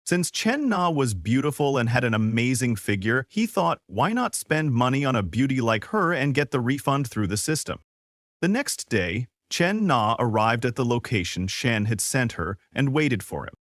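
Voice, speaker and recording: A man tells a comic story as a scripted recap, his pitch rising and falling freely as he goes. His voice sits at a middle pitch. The sound is dry and close, with no room around it. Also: moderate pace, no room sound. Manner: lively storytelling, quoting characters' lines in passing. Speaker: narrator.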